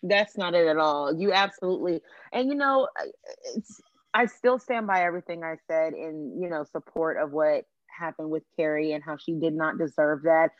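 A woman's voice: sits low, moderate pace, dry recording, dull audio. A woman hosting a podcast, talking earnestly in long winding sentences in casual pop culture chat. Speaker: podcast host.

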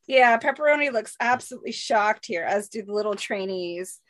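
A woman's voice: mid-range voice, a little fast. A woman in casual chat, reading comic lines aloud in playful put-on voices. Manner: animated, reads character lines with put-on voices. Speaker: podcast guest.

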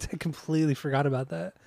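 A man's voice: a little high, fairly even intonation, fairly quick, creaky, warm tone, dry recording. A man co-hosting a podcast in casual chat, rambling and swearing easily as he talks about music. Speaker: podcast co-host.

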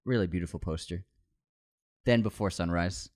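A man's voice: low-pitched, moderate pace, a little mellow. A man co-hosting a podcast in casual chat, joking and swearing casually as he reads out listeners' favorite films. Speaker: podcast co-host.

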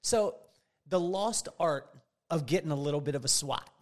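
A man's voice: a little high, normal speed. A middle-aged man hosting a podcast in casual chat, telling jokey stories and laughing often. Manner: joking storyteller, laughs often. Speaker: podcast host.

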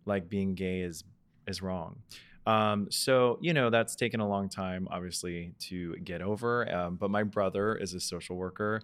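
Low-voiced man reflecting candidly. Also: moderate pace, clean tone. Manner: candid, reflective, with frequent ums. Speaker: podcast co-host. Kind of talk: casual personal storytelling.

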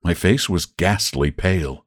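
A man reading a short story aloud as host of a literature podcast, with an expressive storytelling delivery. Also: sits low, a little slow, dry recording, studio quality. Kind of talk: audiobook-style story narration.

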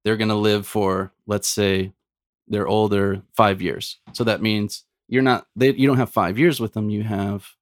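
A man co-hosting a casual podcast chat, reflective and slowing down when he reads a quote aloud. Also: on the low side, fairly even intonation, no echo, clean studio sound. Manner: reflective, slows down to read a quote.

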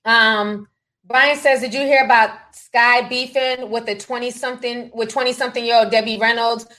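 Her voice leans high, pushed and bright, with fairly even intonation and a moderate pace, heard over poor audio. She's a chatty, sassy livestream host reading viewer super chats on a gossip stream, laughing often and calling folks "honey" and "child."

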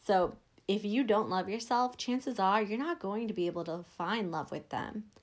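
A woman's voice: mid-range voice, moderate pace. A young woman hosting a podcast as a life coach, talking casually with lots of "like" fillers and acting out inner voices. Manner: chatty, frequent "like" fillers, acts out inner voices.

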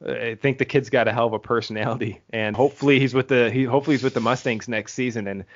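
Fast-talking man hosting a hockey podcast. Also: medium pitch, fairly even intonation. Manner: fast, rambling, laughs often. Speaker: podcast host. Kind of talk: casual podcast chat. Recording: dull lo-fi audio.

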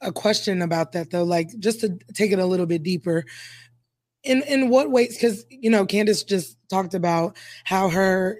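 A woman's voice: medium pitch, darkish tone, no room sound. A woman co-hosting a podcast, adding supportive remarks and asking probing follow-up questions. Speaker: podcast co-host. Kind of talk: conversational chat.

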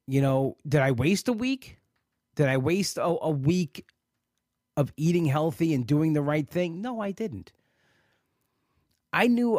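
A man's voice: mid-range voice, darkish tone, dry recording, studio quality. A man hosting a live podcast, talking in a frustrated, rambling way and often repeating himself. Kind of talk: emotional live talk.

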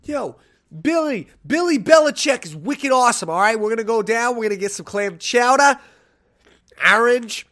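A man putting on an exaggerated Boston accent to voice a brash male sports fan, loud, high and overdone. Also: animated, normal speed, exaggerated voice.

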